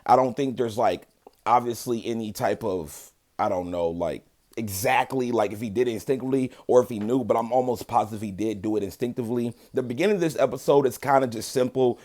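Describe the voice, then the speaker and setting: A man giving a relaxed, conversational review of an anime episode, full of filler phrases and quick self-corrections. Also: mid-range voice. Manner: corrects himself mid-sentence. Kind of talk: casual spoken episode review.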